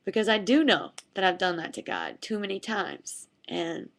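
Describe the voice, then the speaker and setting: A young woman, a fitness instructor, telling a personal faith story to camera in a chatty, animated way, full of "like"s, and acting out what people said. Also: medium pitch, normal speed, gravelly. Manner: chatty, animated retelling with many "like"s, acting out quotes. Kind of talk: casual devotional storytelling to camera.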